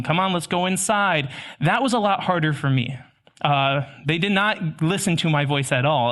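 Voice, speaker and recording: A man's voice: on the high side, a bit bright. A young man giving a sermon in a casual, chatty way, with self-deprecating humor. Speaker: preacher.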